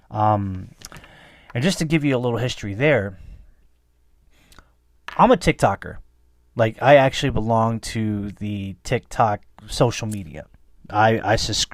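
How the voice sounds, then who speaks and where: A man with a fairly low voice hosts his own podcast, talking on his own in a loose, rambling way. He sounds earnest and leans on "you know" between thoughts. The studio sound is dry and close, with no room around him. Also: dry recording. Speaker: podcast host. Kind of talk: casual solo podcast monologue. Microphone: studio microphone.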